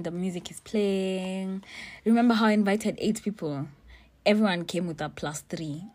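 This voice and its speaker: Animated young woman telling a story. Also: lowish voice. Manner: animated, swears freely, mixes in Swahili phrases. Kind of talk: casual storytelling. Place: in a car with friends.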